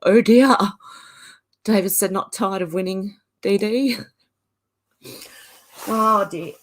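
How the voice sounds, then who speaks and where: A woman's voice: medium pitch, takes it slowly. Chatty Australian woman with a smoker's cough. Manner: chatty, laughs often, greets viewers by name. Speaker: channel host. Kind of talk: casual livestream chat. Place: indoors at home, beside a filing cabinet.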